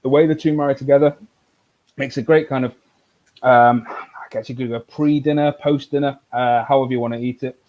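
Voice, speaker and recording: A man's voice: medium pitch, fairly quick, dull audio. Rambling man hosting a whisky tasting. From United Kingdom. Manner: relaxed, rambling, many fillers and restarts. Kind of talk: casual live tasting chat.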